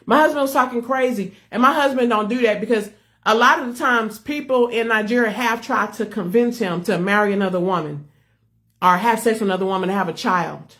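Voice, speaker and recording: A woman's voice: on the high side, brisk, a bit bright. A woman who leads a ministry, giving an earnest personal testimony to her followers and repeating herself as she speaks to viewers directly. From United States. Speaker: ministry leader.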